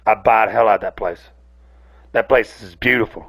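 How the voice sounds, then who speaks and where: Gravelly rambling man. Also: fairly low pitch, steady tone, moderate pace, a bit bright. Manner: rambling, profane, self-interrupting. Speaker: podcast host. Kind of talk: casual solo rant.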